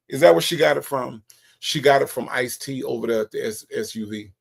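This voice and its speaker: A man's voice: mid-range voice, brisk, creaky, breathy edge. A male host reading out chat comments during a livestream and answering them with sassy, emphatic repetition.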